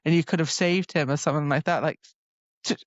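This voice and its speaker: A woman's voice: low voice, fairly even intonation, quick pace, dry recording. Woman on a dull, lo-fi mic, chatting. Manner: retells scenes with many "like"s, quoting characters. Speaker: podcast co-host. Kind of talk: casual book discussion. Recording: dull, slightly lo-fi, dry.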